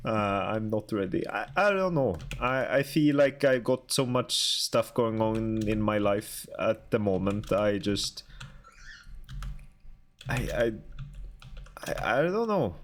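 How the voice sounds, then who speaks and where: A young man streaming and chatting casually with his viewers, halting and talkative as he answers chat aloud. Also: fairly low pitch, lively intonation.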